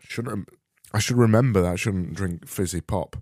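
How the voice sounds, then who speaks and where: A man from Barnsley with a broad South Yorkshire accent hosts his own podcast alone. He speaks in a very low, warm, mellow voice, rambling and correcting himself in a deadpan way. The sound is close and dry. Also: brisk, no room sound. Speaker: podcast host.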